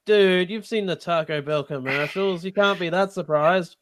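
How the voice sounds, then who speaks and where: A man with a high voice, drawling sarcastic remarks at a tabletop game. He sounds bored with it all. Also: normal speed, a bit bright. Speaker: player.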